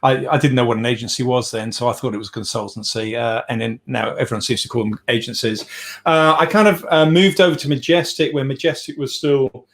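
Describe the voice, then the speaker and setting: A middle-aged software CEO joins a podcast as a guest over a remote call, speaking fairly quickly in a medium-pitched, slightly bright voice. His casual chat rambles loosely, full of restarts, fillers, and self-deprecating asides.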